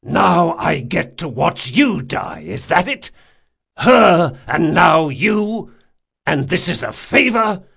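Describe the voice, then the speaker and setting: A man plays a big, powerful thief in an audiobook, loyal to the bone. His words come slow and measured, with a firm edge that can turn fierce. Pitch moves widely around the line. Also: very animated, creaky, full character voice. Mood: furious anguished. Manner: measured and firm, bursting into roars. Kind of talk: audiobook character voice.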